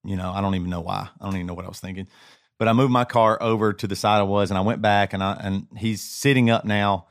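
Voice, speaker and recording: A man with a lowish voice recounts what happened to him in an unsettled, stop-start way, often circling back over his own words. His speech is casual and close to the mic, with a dry sound and almost no room around it. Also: steady tone, no echo. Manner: shaken, halting, many restarts and repeats. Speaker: podcast co-host. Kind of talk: casual chat, personal story.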